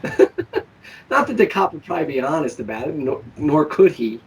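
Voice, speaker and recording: Animated man telling stories off-mic. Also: fairly high pitch, normal speed, distant mic, rough recording. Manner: animated storytelling, acts out quoted people. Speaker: show host. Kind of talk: casual political chat.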